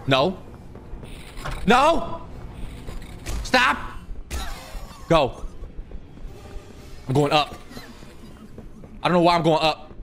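A man's voice: fairly high pitch, bright, forceful tone, slight background noise. A man giving panicky, swearing commentary to himself while playing a horror game. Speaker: gaming YouTuber.

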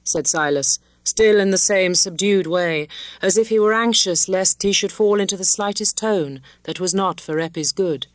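Low-voiced woman reading a classic novel. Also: dry recording. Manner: measured, clear reading. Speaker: audiobook narrator. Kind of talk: literary audiobook narration. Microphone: close studio mic.

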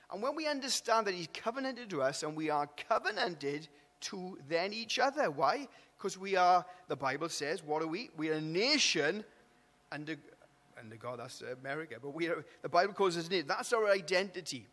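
A man's voice: high-pitched, expressive, moderate pace, fairly bright tone, in a large hall. A man preaching a sermon in a conversational way, restarting words and asking "isn't it?". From Wales. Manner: conversational, repeats and restarts words, asks tag questions. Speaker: pastor. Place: church hall.

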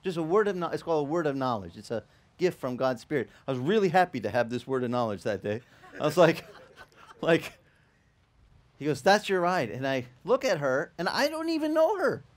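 A male pastor telling a lively story in a sermon, acting out the people in it and laughing as he goes. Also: fairly high pitch, a little fast. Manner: animated, acts out quoted voices, laughs while telling. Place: church in Hawaii.

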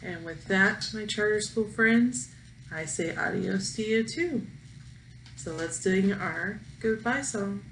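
A woman teacher reading a picture book aloud to her pupils, expressive and playful, breaking into song. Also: mid-range voice, a little hiss or hum. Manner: slow, expressive, sings along with the story. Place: room at home. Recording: roomy echo, faint ambience.

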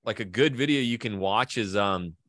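A man's voice: fairly low pitch, moderate pace, fairly bright tone, no echo, clean studio sound. A man from Idaho, a guest in a casual interview, telling long stories and swearing casually. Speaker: guest, real estate agent and video creator.

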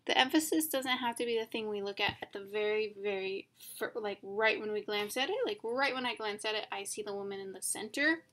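A woman's voice: medium pitch, brisk, few pauses, a bit bright. A young woman teaching an art lesson over slides. She is informal and thinks aloud, with many ums and self-corrections. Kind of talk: casual recorded lecture over slides.

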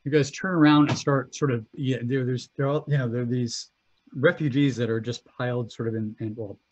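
A man narrating as game master of a tabletop game, halting and restarting as he describes scenes. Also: mid-range voice, fairly even intonation, darkish tone, muffled recording. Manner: halting, full of fillers and restarts.

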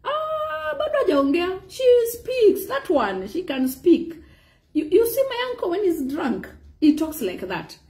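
Woman preacher; high, mellow voice; animated delivery with "praise God" asides. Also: normal speed. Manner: animated preaching, mixing in Swahili phrases and frequent "praise God". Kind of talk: sermon.

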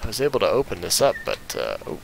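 Man, gameplay commentary, very animated, unhurried, faint noise behind. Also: on the low side, creaky. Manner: animated, laughs often, loud whoops. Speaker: game streamer.

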